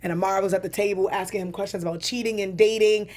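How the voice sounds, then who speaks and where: A young woman hosting a casual gossip chat show, lively and playful, with frequent exclamations. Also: medium pitch, racing. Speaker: host.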